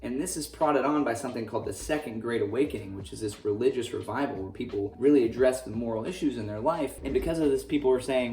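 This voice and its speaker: A man's voice: mid-range voice, fast talker, hardly any pauses, mellow. Male history teacher with a casual, wisecracking delivery, recorded off-mic in a reverberant room. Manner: jokey, sarcastic asides. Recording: roomy echo, distant mic, faint music.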